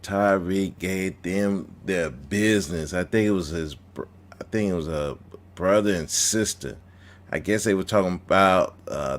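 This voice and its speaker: A man hosting a podcast, telling a story with gleeful exclamations in casual commentary. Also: sits low. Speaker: podcast host.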